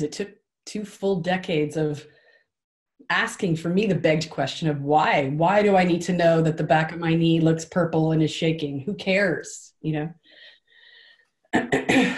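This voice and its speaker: A woman co-hosting a group session over a video call, chatting in an animated, rambling way with laughs and self-corrections. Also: on the low side, unhurried. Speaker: co-host leading the session. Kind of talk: casual chat on a video call.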